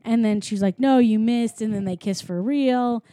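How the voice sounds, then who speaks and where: A chatty woman with a fairly high voice recaps a film in loose, rambling talk. The sound is dry and close, with no room around her. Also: moderate pace, warm tone, dry recording. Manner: chatty, lots of filler and quoted voices. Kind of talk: casual chat, retelling a film plot.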